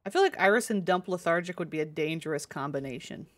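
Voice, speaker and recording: A woman's voice: sits low, animated, fast. A woman streamer talking casually and playfully to her viewers as she plays, thinking aloud in a chatty, joking way. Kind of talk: casual live-stream chat while playing a game.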